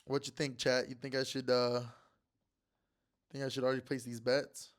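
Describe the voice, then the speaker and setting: A man's voice: medium pitch, little pitch movement. Boastful, playful sports show host man. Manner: loose, playful, boastful trash talk; repeats words in rapid strings. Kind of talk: casual sports picks show.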